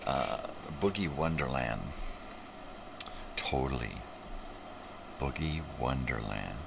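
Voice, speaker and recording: A man's voice: extremely low pitch, lively intonation, a little slow, creaky, pauses often, noisy background. An older man hosting a rambling live morning show from home, joking loosely and chatting to his dog. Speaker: livestream host.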